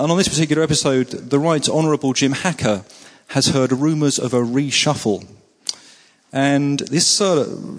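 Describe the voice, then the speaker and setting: Earnest male preacher in a hall. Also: mid-range voice. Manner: earnest, repeats words for emphasis, frequent fillers. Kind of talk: sermon with prayer.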